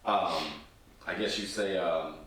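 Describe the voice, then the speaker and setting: A man's voice: sits low, fairly even intonation, takes it slowly, fairly bright tone, far from the mic. Encouraging podcast host guy, sits back from the mic, very echoey room. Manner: encouraging, emphatic. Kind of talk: casual podcast chat.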